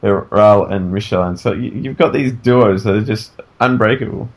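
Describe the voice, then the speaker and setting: Man, podcast co-host, casual chat, sleepy, animated and joking, speaking from bed. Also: on the low side, moderate pace. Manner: animated, joking, trails off and restarts. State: sleepy, yawning. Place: in bed at home.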